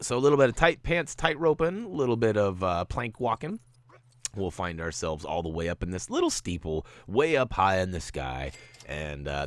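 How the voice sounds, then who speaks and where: Jokey male gameplay host, deep and bouncy, dry close sound. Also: a bit bright, dry recording. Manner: playful and jokey, with goofy asides. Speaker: game walkthrough host. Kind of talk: gameplay commentary.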